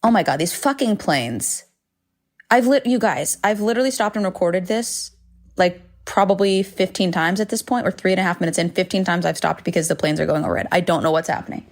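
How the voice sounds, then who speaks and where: A woman's voice: lowish voice, a little fast. A woman in her thirties hosting a solo podcast, talking frankly and rambling with self-deprecating asides and swearing. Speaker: podcast host. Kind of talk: candid solo podcast monologue. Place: home recording space with planes overhead.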